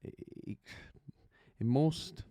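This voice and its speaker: A man's voice: slow pace, dark tone, no room sound, studio quality. A man teaching singing technique, chatty and explaining with demonstrations and little stories. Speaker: vocal coach. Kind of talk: singing lesson to camera.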